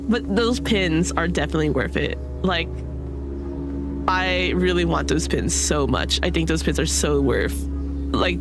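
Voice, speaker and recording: A young woman streaming a game, chatting casually and rambling with lots of filler words and laughs. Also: fairly low pitch. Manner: chatty, giggly, rambling with many "sort of" and "like" fillers. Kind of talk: casual gameplay commentary.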